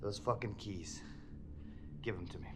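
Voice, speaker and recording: Playing a profane, unstable male intruder in a film scene, the actor shifts between quiet muttering and yelled threats in a menacing mood. His pitch swings widely at normal speed against a noisy background.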